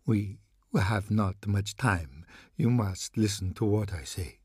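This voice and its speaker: A man voicing a desperate male priest in a storybook reading, speaking slowly and urgently, sometimes in a hiss. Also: lowish voice, husky, no room sound, clean studio sound. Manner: slow hushed urgent warnings, hissing at times.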